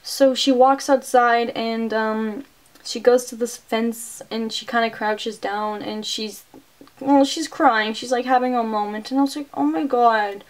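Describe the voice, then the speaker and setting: A woman's voice: on the high side, unhurried. Chatty woman recapping a movie. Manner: chatty, many fillers, excited retelling. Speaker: movie reviewer.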